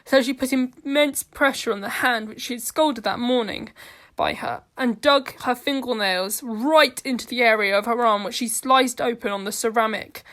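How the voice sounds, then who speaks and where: Fairly high-voiced woman narrating a story. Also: moderate pace, fairly bright tone. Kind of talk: amateur audio story narration.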